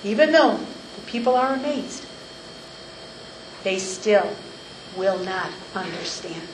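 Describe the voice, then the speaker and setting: A woman giving verse-by-verse Bible teaching, emphatic and slowing down to stress key phrases. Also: medium pitch, expressive, slight background noise. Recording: echoey room, mic at a distance.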